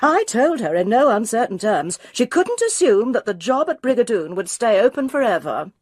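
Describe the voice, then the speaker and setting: A woman's voice: a little high, very animated, moderate pace, breathy edge, no echo, studio quality, voice pushed up. A woman voicing a peevish, curt woman who is a dentist's wife.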